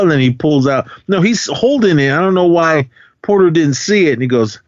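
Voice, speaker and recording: A man's voice: a little high, lively intonation, fairly quick, no room sound. A man co-hosting a podcast, casually retelling a film's plot in a rambling way with lots of fillers and quoted lines. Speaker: podcast co-host. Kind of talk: casual film recap chat. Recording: dull dry lo-fi sound.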